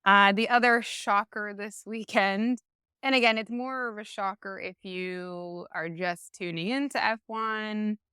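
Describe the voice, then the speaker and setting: A woman's voice: mid-range voice, steady tone, unhurried, bright, forceful tone, clean tone, no echo, clean studio sound. A woman co-hosting a sports podcast, chatting casually and drawing out her points with many fillers. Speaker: podcast co-host.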